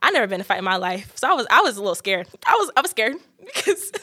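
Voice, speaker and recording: A woman's voice: medium pitch, racing. A young woman tells a dramatic, profane story in casual storytime style. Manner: dramatic, profane, animated, slips into shrieking quotes. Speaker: vlogger.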